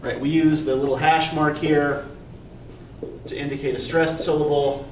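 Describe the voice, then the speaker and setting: This college English instructor speaks on the high side with little pitch movement, lecturing patiently and explaining as he goes. He often asks "right?" to check understanding, heard from a distant recorder in an echoey classroom with faint room noise.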